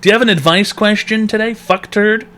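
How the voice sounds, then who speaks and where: A man's voice: sits high, a little fast, noisy background. A man hosting a comedy call-in advice show, rude and mocking, swearing often. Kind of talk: abrasive comedic call-in banter.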